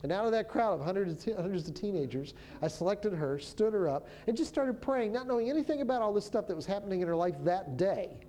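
A minister telling a story of prophesying over people, in a relaxed conversational way that often stops and restarts. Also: mid-range voice, quick pace, few pauses. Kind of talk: storytelling testimony.

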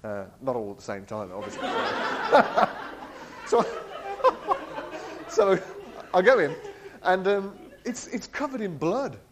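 A man tells a personal story, laughing often and acting out the voices of the people in it. His voice sits a little high. His pitch leaps and drops all through his animated telling. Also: takes it slowly, long pauses, a crowd in the background, noisy background. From England. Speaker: speaker sharing a personal testimony. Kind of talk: storytelling talk.

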